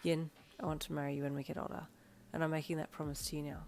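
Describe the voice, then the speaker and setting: Woman doing a low-voiced cocky boyfriend. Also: flat delivery, fast, soft background music. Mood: tender. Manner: low, smirking, suggestive. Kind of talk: fan fiction audio reading.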